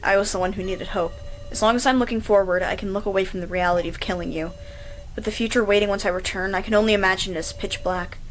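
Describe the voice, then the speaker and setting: A woman's voice: medium pitch, steady tone, fast, a little hiss or hum, natural voice, low-quality recording. A woman voicing an anxious, desperate young woman, reading her inner thoughts in a tense, pleading way. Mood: somber.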